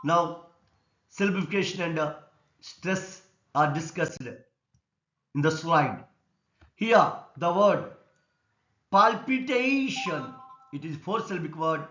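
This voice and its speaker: A man with an Indian English accent teaching an English lesson on word stress, explaining slowly and deliberately. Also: fairly high pitch, a bit bright. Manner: slow, deliberate explanation, repeating words and stress rules. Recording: echoey room, dull lo-fi sound.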